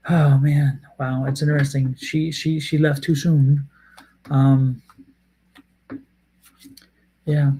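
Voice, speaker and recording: A man's voice: on the high side, darkish tone, breathy edge. A man giving a live psychic tarot reading, rambling and hesitant, repeating himself often. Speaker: tarot reader.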